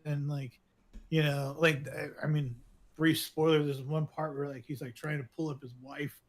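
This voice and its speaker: A man's voice: fairly high pitch, flat delivery, moderate pace. A man co-hosting a podcast, chatting casually about shows he likes, rambling with lots of filler words and frequent laughs. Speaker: podcast co-host. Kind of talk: casual chat recommending shows.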